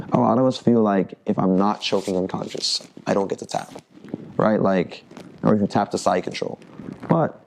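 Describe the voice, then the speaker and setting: A man's voice: lowish voice, creaky, dark tone, slight background noise, poor audio. A man teaching a jiu-jitsu workshop in casual talk, restarting phrases and asking the group questions. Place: training room at a camp.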